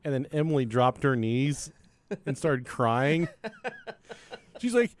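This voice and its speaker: A man's voice: mid-range voice, drawn-out words, long pauses. A young man on a podcast, telling a story in casual chat, swearing, laughing and acting out the people in it. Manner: animated storyteller, acts out voices, swears, laughs often. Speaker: podcast co-host.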